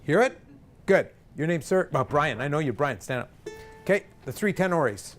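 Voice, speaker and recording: A male vocal coach leading a live group singing workshop, energetic and directive, joking with the singers. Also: on the high side, moderate pace, soft background music.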